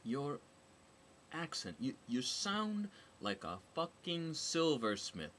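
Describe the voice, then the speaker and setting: A man voicing a brash, crude, foul-mouthed soldier woman in a storybook reading, loud and sarcastic. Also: fairly high pitch, sing-song, slow, a little hiss or hum, voice pushed up, heavily acted.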